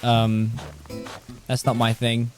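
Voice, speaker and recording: A male game streamer talks casually and rambles while he plays, often stopping to search for words and laughing along the way. His voice sits at an ordinary pitch for a man. Music plays clearly in the background. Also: completely flat delivery, takes it slowly. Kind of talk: casual chat while playing.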